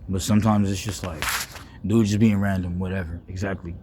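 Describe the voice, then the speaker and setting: A young man, rambling playfully in a casual vlog monologue, full of slang, restarts and deliberately wordy phrasing. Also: deep voice, steady tone, background noise. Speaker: vlogger.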